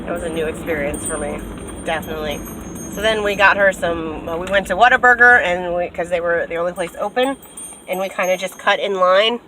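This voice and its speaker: Animated young woman, noisy car. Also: fairly quick. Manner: animated storyteller, acts out quotes with big pitch jumps. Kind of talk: casual storytime vlog.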